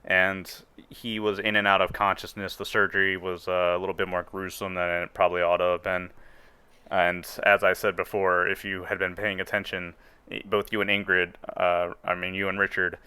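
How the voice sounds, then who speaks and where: Male game master, low and clear, loose and joking. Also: flat delivery, normal speed, bright, forceful tone, no echo. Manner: rambling, joking, fillers. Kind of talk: narrating a tabletop game.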